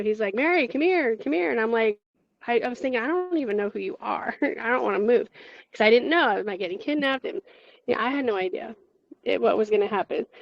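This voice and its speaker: Brief: higher-voiced woman, casual talker who restarts a lot, dry lo-fi call audio. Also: no room sound. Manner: chatty, many fillers and restarts, laughs between lines. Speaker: interview guest. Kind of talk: casual spoken storytelling. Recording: dull lo-fi, dry.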